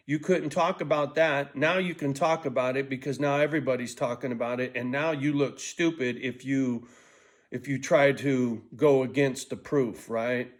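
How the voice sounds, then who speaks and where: A man's voice: medium pitch, steady tone, normal speed. 60-year-old male vlogger, foul-mouthed, scattered, stumbles and restarts, mid-range voice. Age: 60s. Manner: profane, rambling, jumps between thoughts; restless, frequent restarts and stumbles. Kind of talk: rambling casual monologue.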